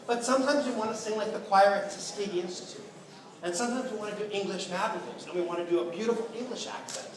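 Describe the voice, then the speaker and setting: A man coaching a choir in rehearsal, lively and playful, encouraging the singers. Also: high voice, fast talker, crowd noise. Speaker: choir clinician. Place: large school auditorium. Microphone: distant room mic. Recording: echoey hall, distant mic, noisy.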